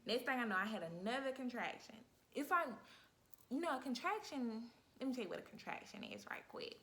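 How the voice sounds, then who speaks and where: A woman vlogger telling a story in a casual, animated way, talking straight to her viewers. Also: fairly high pitch, a little fast. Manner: animated, talks straight to viewers, acts out her own cries.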